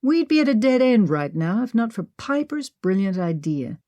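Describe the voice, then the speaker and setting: A woman's voice: medium pitch, very animated, normal speed, dark tone, dry recording, pitched above the performer's own voice, close to an everyday voice. A woman voicing Henry, a teasing wry adventurer. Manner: dry, teasing.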